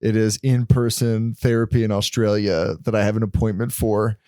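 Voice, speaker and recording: Man, guest comedian, podcast chat, laughs a lot, trails off, smooth clear voice, dry sound. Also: on the low side, little pitch movement, moderate pace, warm tone, no echo. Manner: laughs often, trails off mid-sentence.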